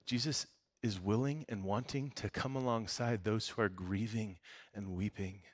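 A man preaching a casual sermon and reading scripture aloud. He talks conversationally, jokes and laughs often, and swings from soft, quiet passages to loud emphasis. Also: lowish voice, moderate pace. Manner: conversational and joking, breaks into laughter. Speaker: pastor.

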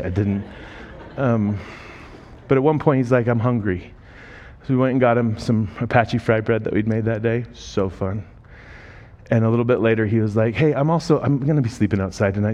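A man telling stories from the pulpit in a loose, conversational way, acting out what each person said. His voice sits at an ordinary middle pitch for a man, and he moves between the story and the lesson with ease. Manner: emotional, voice rising and breaking when moved; conversational, quotes people in lively voices. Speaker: speaker telling ministry stories. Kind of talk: sermon storytelling.

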